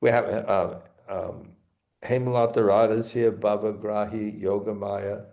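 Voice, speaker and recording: He speaks in a lowish, level voice with vocal fry and a touch of mellowness. Giving a scripture class with a Brooklyn accent, this spiritual teacher halts often, repeating words and restarting.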